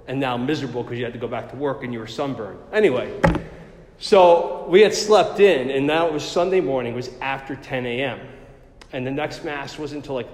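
A middle-aged man recounts a personal story in a chatty, self-deprecating way, stumbling through fillers. His voice sits at an ordinary pitch. It rings out in a roomy space with a long reverb tail. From New Jersey.

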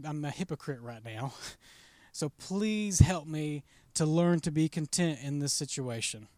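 A man's voice: sits high, clear, resonant tone, no echo, studio quality. A man, a pastor preaching a sermon in a casual, conversational storytelling way and acting out his own thoughts as he goes.

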